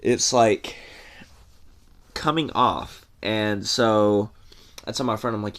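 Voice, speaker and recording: Young man, low-pitched, for a casual rambling storytime vlog with fillers and cursing. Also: steady tone, slow, a bit bright.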